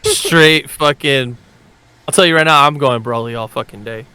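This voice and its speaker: A man's voice: mid-range voice, moderate pace, crowd noise. A young man in casual chat as a podcast co-host, blunt and emphatic with heavy swearing.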